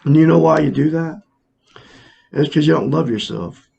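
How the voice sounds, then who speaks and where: A man with a gravelly, slightly husky voice, sitting somewhat high for a man, gives a casual self-help talk. He speaks earnestly and circles back over the same points, pressing them on his viewers. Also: normal speed, dark tone, lo-fi sound. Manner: earnest, repetitive, addresses viewers as folks. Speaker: self-help video host. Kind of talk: casual monologue to camera.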